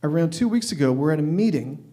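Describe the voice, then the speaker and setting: A man in his fifties telling a story at an open mic, wry and deadpan, often restarting his sentences. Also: fairly high pitch, fast talker. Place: stage at an open mic night.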